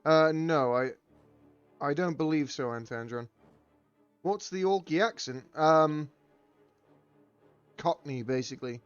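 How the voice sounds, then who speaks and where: A man's voice: a little high, slow, long pauses, clean tone, dry recording, muffled recording, soft background music. A man casting a live game tournament with loose, joking play-by-play. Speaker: tournament caster.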